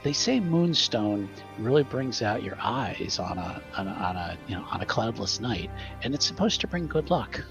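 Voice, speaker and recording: A man's voice: fairly low pitch, very animated, moderate pace, few pauses, dull audio, music in the background. A man voicing a poor, hopeful female jewelry peddler who talks in a hesitant, wheedling way. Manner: hesitant, wheedling sales talk.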